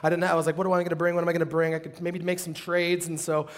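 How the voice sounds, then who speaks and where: Pastor dude with a high voice preaching, super animated, does the voices when he tells a story. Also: very fast, long reverb tail. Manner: drops to a hushed tone when praying. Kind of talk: sermon. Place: church service.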